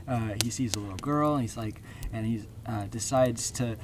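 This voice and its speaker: A man's voice: mid-range voice, moderate pace, recorded from a distance. Rambling man telling a campfire story. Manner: rambling, lots of fillers and restarts. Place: outdoors at a campfire in a campground. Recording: outdoor campground noise.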